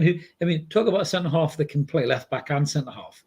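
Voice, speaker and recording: Fast-talking husky Geordie man. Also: on the high side, darkish tone. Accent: Geordie with Scottish roots. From born in Glasgow, raised in Newcastle. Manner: chatty, jokey, says "mate" often. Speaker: podcast co-host. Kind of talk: casual football chat.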